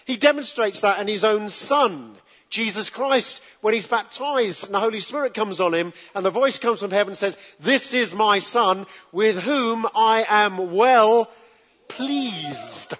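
Man, preacher, sermon, fairly high voice, conversational, coaxing the congregation, dull lo-fi sound, long hall reverb. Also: expressive, measured pace, fairly bright tone. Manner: conversational, asks the congregation to answer back.

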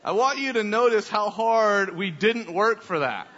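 High, bright-voiced man preaching in a hall. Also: unhurried. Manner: animated, repeats words while telling a story. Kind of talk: sermon storytelling. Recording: echoey hall, dull lo-fi sound.

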